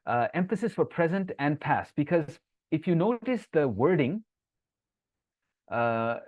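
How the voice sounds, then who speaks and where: A man teaching a live online Quran lesson. He explains each point, answers viewers' comments from the chat, and recites Arabic verses quickly between his English explanations. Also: fairly high pitch, lively intonation, dry recording. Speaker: Islamic teacher. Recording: tinny phone-like dry sound.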